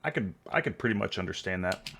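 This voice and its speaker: A man's voice: sits low, animated, fast, gravelly, a bit bright, slight background noise. A Texan man hosting a reaction video, rambling and chatty, a little tipsy. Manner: rambling, chatty, laughs easily. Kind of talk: casual reaction commentary.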